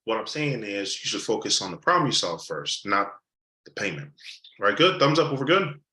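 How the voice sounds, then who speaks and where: An animated male sales coach with a lower voice that swings widely in pitch as he acts out customer conversations. His tone is bright and forceful, and he repeats key points for emphasis. The recording has a roomy echo. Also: moderate pace. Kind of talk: live sales training session.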